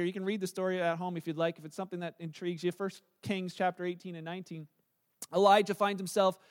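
A man in his thirties preaching a sermon, telling a scripture story with animated delivery and acted-out quotes. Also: high-pitched. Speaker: pastor.

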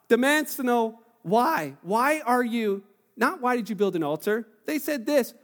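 Male pastor, high-pitched and lively, casual restarts, preaching in a reverberant church hall. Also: normal speed. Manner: animated, acts out quoted voices; conversational with frequent restarts. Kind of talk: sermon.

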